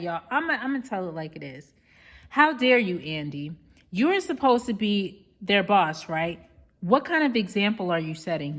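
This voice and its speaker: A woman's voice: fairly high pitch, a bit bright. A woman vlogger giving an emphatic, indignant rant recap of a reality show, often calling out to viewers as "y'all".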